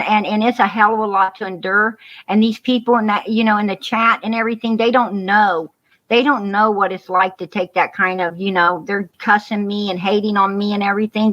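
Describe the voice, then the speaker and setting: A woman's voice: mid-range voice, a bit bright. A woman talking on a livestream call, repeating herself, comforting another caller and getting fired up. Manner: repetitive, consoling, fired-up, says "you know what" often. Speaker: guest on a livestream. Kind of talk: emotional livestream call-in chat. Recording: dull lo-fi stream audio.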